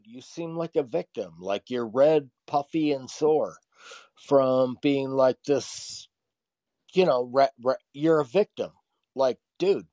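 A man's voice: mid-range voice, darkish tone, no room sound. A man calling in to a podcast and arguing with the host. He talks in a casual, slangy way and keeps cutting in. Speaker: caller. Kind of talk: heated call-in argument.

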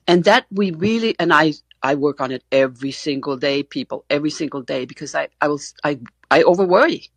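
A woman's voice: low voice, expressive, fairly quick, dry recording. A middle-aged woman co-hosting a casual online panel discussion, earnest and explanatory, often repeating words as she starts a thought. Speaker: co-host, gender expert. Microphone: online audio call.

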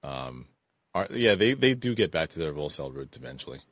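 A man's voice: very deep voice, no echo. A man co-hosting a podcast, talking casually and jumping into impressions. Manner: animated, quick to do impressions. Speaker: podcast co-host. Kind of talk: casual chat.

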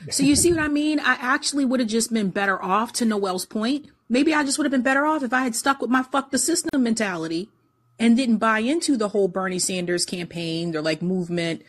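Woman cohost on a political podcast, calm and thoughtful. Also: on the high side, fairly quick. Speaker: podcast co-host. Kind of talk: political chat.

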